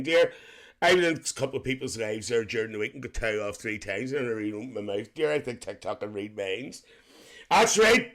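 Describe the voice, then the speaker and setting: A man's voice: mid-range voice, a bit bright. A man voicing a cheeky, gossipy middle-aged Northern Irish aunty who chats with live-stream viewers and calls them dear. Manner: chatty, calls everyone dear, laughs often. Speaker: livestream host.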